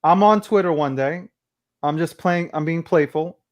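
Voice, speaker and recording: Brash, swearing man; casual stream guest, higher-pitched voice. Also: normal speed. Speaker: crypto personality guest. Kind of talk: casual livestream chat.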